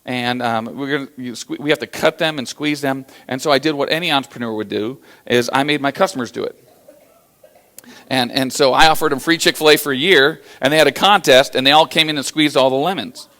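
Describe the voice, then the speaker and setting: A man from the USA with a mid-range voice, talking slightly quickly, presents a motivational business keynote through stories. He plays out quoted dialogue with animation and drops in many fillers.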